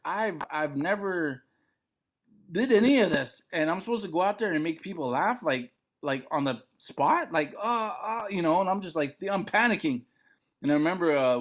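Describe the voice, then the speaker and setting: A middle-aged man from Montana, a comedian guest telling a story on a podcast, acting out other people's lines. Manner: animated, acts out other people's lines with big pitch jumps.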